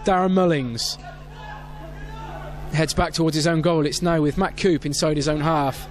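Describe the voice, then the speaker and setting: Male club radio commentator with a high voice, lots of hesitations, loud at big chances. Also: fairly even intonation, moderate pace, faint music behind, some chatter behind. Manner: reads team sheets with many fillers, rises sharply at big moments. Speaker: football match commentator. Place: outdoor football stadium.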